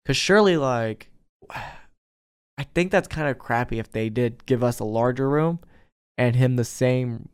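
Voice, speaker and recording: A young man in a college dorm room, hosting a casual podcast and chatting in a relaxed, rambling way. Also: mid-range voice, unhurried, clean tone. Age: young adult. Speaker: podcast host. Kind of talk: casual chat.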